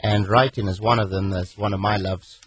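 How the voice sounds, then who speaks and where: A British man from England, a guest author on a radio show, joking wryly with many pauses and fillers. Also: on the low side, fairly even intonation, a bit bright, breathy edge, no echo, rough recording. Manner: wry, joking, hesitant with fillers. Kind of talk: radio interview. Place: radio studio.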